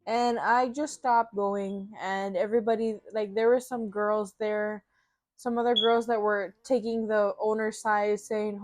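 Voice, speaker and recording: A woman's voice: mid-range voice, level tone, unhurried, dry recording. A young woman vlogger telling a work story in a blunt, profane, casual way, full of fillers.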